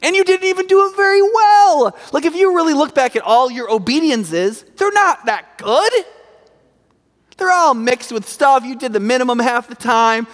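A man's voice: very high voice, expressive, normal speed, in a large hall. A man preaching a sermon in a conversational, emphatic way, often checking in with "right?".

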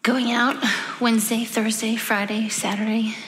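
A woman giving an emotional personal testimony as a podcast guest, halting and earnest, often sinking into a breathy near-whisper. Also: fairly high pitch, little pitch movement, a bit bright. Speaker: guest sharing her testimony. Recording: long reverb with faint background noise.

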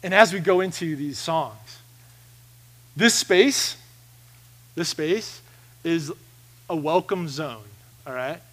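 A pastor preaches a sermon in a church sanctuary, earnest and conversational, frequently restarting sentences as he walks around the stage. His voice is fairly high and a bit slow.

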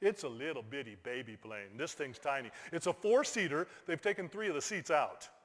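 A middle-aged man, a pastor, telling a lively personal story in a sermon, bursting into shouted exclamations. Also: a little high, brisk. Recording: long hall reverb.

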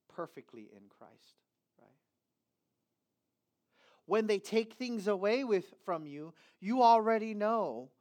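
A man preaching a sermon emphatically, moving from low, quiet stretches into loud, raised passages.

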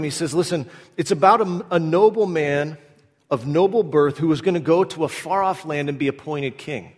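Animated preacher in a reverberant hall. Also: male voice. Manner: animated storytelling, acting out quotes in a lowered voice. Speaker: pastor. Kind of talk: sermon.

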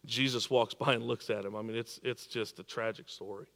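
A man preaching a sermon, repeating and restarting words, swinging between emphatic peaks and quiet drops. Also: fairly low pitch, steady tone, fairly quick, long reverb tail. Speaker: pastor.

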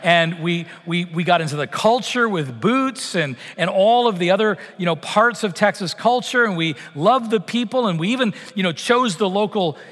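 A middle-aged man from Canada delivers a sermon in a loose, conversational way, full of fillers and restarts. His voice sits high for a man. A long reverb trails each phrase, as in a church sanctuary. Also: expressive, moderate pace, few pauses, a bit bright. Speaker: pastor.

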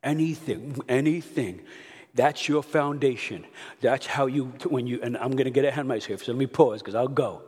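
Animated New preacher in a reverberant hall. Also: male voice, medium pitch, moderate pace, breathy edge. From Brooklyn, New York. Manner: animated storyteller, swings to loud outbursts. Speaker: pastor. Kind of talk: sermon.

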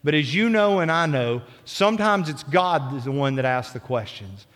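A man's voice: fairly high pitch, expressive, normal speed, a bit bright. A male pastor preaching a sermon in a church, earnest and building on repeated phrases. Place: church sanctuary. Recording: long church reverb.

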